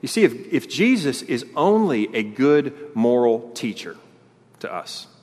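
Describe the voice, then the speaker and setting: A pastor, preaching an animated sermon and acting out the crowd's voices. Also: male voice, medium pitch, unhurried. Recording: long hall reverb.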